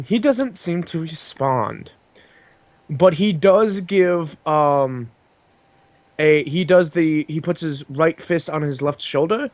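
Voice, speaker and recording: A man with a fairly high voice narrates as game master of a tabletop role-play game. He talks haltingly, with many ums and restarts, on a dry, close microphone. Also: no room sound.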